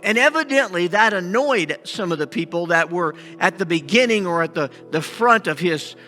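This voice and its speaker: A man acting out a scheming blind beggar in a first-person sermon monologue, halting and restarting often, with faint music behind him. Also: high-pitched, expressive. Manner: halting with many restarts, shouting out pleas. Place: church sanctuary.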